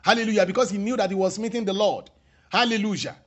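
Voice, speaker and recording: A man preaching a sermon, repeating his phrases and stressing them slowly. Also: high voice, steady tone.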